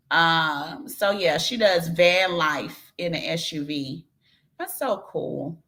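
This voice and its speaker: A woman hosting a casual livestream chat, reading viewers' comments aloud and teasing them playfully with frequent laughs. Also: fairly low pitch. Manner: animated, playful, teasing, laughs often, says "girl" and "y'all". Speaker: host reading live chat.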